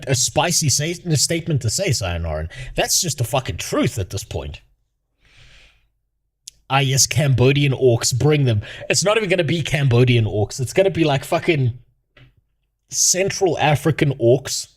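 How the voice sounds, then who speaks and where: A man ranting casually as a gaming streamer, swearing, mocking and laughing often. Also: medium pitch. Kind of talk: casual commentary rant.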